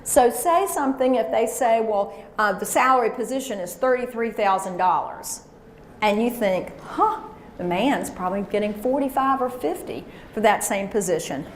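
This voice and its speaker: Energetic woman coaching a room. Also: fairly high pitch, normal speed, slight background noise. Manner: energetic and coaching, with call-and-response chants. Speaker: speaker leading a workshop. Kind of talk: lively workshop talk to a live audience. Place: large room with an audience. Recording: echoey room recording.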